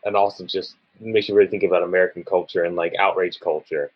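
A man's voice: sits low, steady tone, fast, slightly rough, highs cut off. A man who writes and produces plays, chatting casually and rambling with lots of "like". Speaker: playwright and producer. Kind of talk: casual chat.

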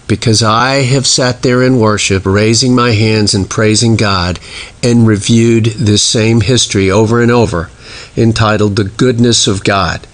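Earnest reflective man in his sixties. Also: on the low side. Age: 60s. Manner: earnest, reflective, speaks prayers aloud in rhythmic lists. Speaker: speaker sharing a devotional reflection. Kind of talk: personal devotional talk.

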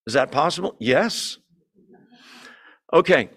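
A man with a fairly high voice leads a Bible study for a small group in a church room. His teaching is conversational and lively. He keeps asking the group questions and slips in dry humor. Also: takes it slowly, husky. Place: church meeting room with a Zoom audience.

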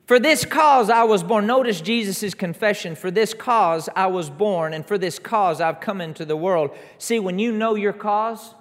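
High-voiced preacher in a reverberant hall. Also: male voice, moderate pace, few pauses. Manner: emphatic, building repeated declarations up to shouts. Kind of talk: sermon. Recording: long reverb of a large hall.

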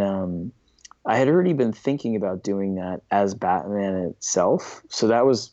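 A man's voice: on the low side, warm tone, no echo. A man talking as a guest in a casual interview, rambling enthusiastically and often restarting his sentences. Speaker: comic book writer, interview guest. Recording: dull lo-fi dry recording.

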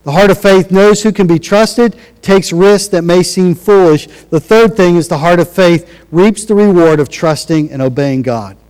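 A man's voice: sits high, normal speed, few pauses, a little mellow, smooth, long reverb tail, rough recording. A man preaching a sermon in a conversational way, acting out quotes as he goes. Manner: conversational, restarts and acted-out quotes. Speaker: pastor.

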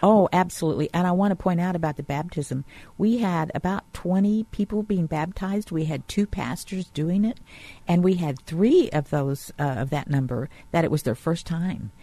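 A woman's voice: lowish voice, moderate pace, warm tone, no room sound. A woman guest on a radio show who talks enthusiastically and chattily about a tour she managed. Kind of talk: radio interview.

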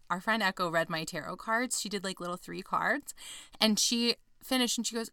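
A young adult woman co-hosting a casual chat, animated and jokey, her voice swinging from loud to soft. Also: mid-range voice, brisk, smooth, no room sound, studio quality. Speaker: podcast co-host.

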